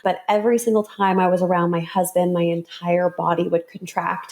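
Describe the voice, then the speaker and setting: Lady telling her life story on a show, really expressive. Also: on the low side, moderate pace, few pauses. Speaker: guest, teacher and storyteller. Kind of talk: personal storytelling.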